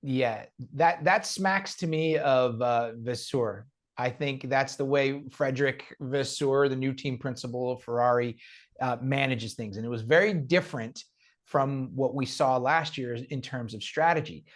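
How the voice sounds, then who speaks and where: Casting: thoughtful male co-host with a middle-pitched voice, explains things patiently. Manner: measured, thoughtful, explains at length. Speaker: podcast co-host. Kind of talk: casual chat.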